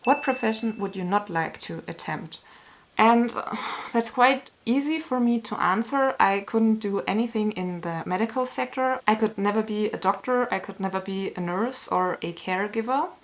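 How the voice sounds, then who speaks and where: A woman talking to camera as a YouTuber in a candid, earnest way, with slow, searching phrasing and small restarts, sometimes emotional. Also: medium pitch. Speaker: YouTuber answering a tag. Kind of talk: casual talk to camera.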